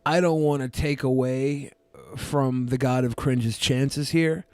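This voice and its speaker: A man's voice: medium pitch, steady tone, slow pace, darkish tone, smooth, no echo. A man co-hosting a casual podcast who laughs easily and plugs patron perks. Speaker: podcast co-host.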